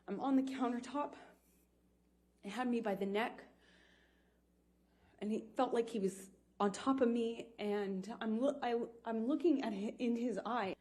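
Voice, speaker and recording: A woman in her thirties giving halting, hesitant testimony on a courtroom witness stand, speaking into a stand microphone. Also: on the high side, darkish tone. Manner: halting, hesitant recounting with restarts. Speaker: trial witness.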